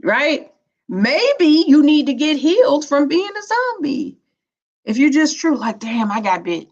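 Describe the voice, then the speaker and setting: A woman's voice: high-pitched, very animated, slow pace. A woman, giving a spiritual teaching talk in a playful, preachy, colloquial way. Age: 50s. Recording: dull lo-fi recording.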